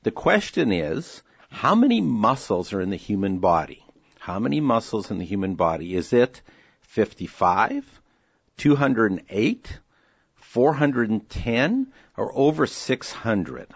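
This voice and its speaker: A man's voice: lowish voice, very animated, a little slow, gravelly, slightly rough, no room sound, lo-fi sound. A man co-hosting a radio health show, reading out quiz questions with upbeat showmanship. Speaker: radio co-host.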